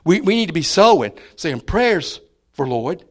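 A man preaching a sermon in a folksy way, repeating key words and moving between loud and soft. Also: a little high, very animated, a little slow.

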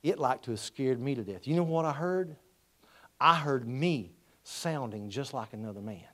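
A middle-aged man preaching a storytelling sermon, folksy, dropping to quiet asides and rising to loud exhortation. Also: mid-range voice.

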